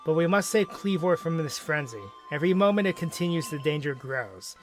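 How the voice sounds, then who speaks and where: Man reading a soft-spoken, earnest woman clan chief, slightly high pitch. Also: lively intonation, brisk, soft background music, close to an everyday voice. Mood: worried.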